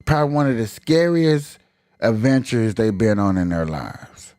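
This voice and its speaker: A man's voice: lowish voice, very animated, normal speed, darkish tone, no room sound, clean studio sound. A man hosting a live stream, ranting in emphatic, colloquial casual commentary.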